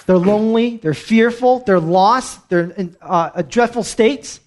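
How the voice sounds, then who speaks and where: A man interpreting a sermon live, halting with fillers and restarts, then pushing key lines with emphasis. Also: sits high, a little mellow.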